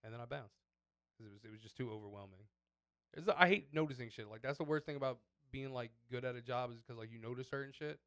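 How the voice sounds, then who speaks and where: Fast-talking man in casual podcast chat. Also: mid-range voice, fairly bright tone, smooth, no echo, clean studio sound. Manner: loose, profane storytelling with slang. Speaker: podcast co-host.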